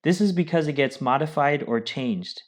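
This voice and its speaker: A man's voice: fairly high pitch, moderate pace. A man co-hosting a language lesson, explaining the material and encouraging the learners. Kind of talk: instructional explanation.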